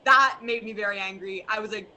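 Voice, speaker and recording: Wry woman guest with bright voice. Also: medium pitch, fairly quick, slight background noise, poor audio. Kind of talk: casual chat.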